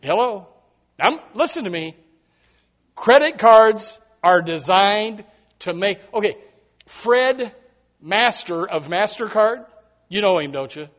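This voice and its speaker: A man's voice: high-pitched, expressive, slow, pauses often, a bit bright. A man preaching a sermon as pastor, emphatic and repetitive, with frequent direct asides to his congregation. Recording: dull lo-fi sermon recording.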